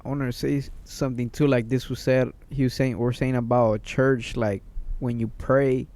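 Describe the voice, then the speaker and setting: A young man with a mellow, mid-pitched voice chats on a podcast, adding short slangy asides and comments to the group's talk. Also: level tone, moderate pace. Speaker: podcast co-host. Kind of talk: casual chat.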